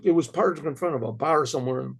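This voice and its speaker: A man's voice: on the high side, a little fast, creaky, slightly rough. A man, a rabbi, telling a story in a loose spoken way, often stumbling and repeating words as he searches for them. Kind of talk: casual oral storytelling.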